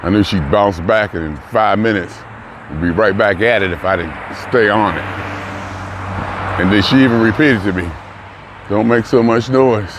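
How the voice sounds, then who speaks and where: A man's voice: fairly low pitch, moderate pace. An older man vlogging in a casual, musing way, trailing off mid-thought as he reflects aloud. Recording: noisy outdoor traffic. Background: passing cars and street ambience.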